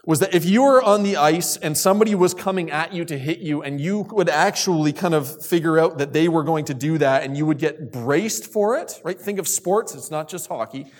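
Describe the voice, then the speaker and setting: A man's voice: a little high, brisk, hardly any pauses. A man giving a sermon to a youth group, asking the listeners questions and repeating key phrases for emphasis. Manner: asks questions and calls on listeners. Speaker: youth speaker.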